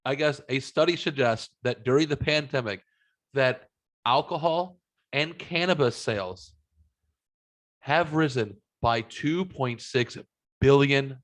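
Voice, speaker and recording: A man's voice: mid-range voice, a little slow, a bit bright. A man hosting a podcast in casual, profane, rambling chat. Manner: profane, rambling, laid-back. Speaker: podcast host.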